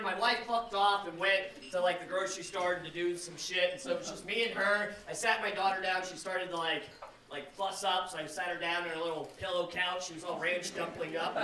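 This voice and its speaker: A man's voice: sits high, a little fast. Brash, profane stand-up comedian man. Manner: brash, profane, loud storytelling. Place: live comedy venue. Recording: echoey live room from far off. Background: audience laughter.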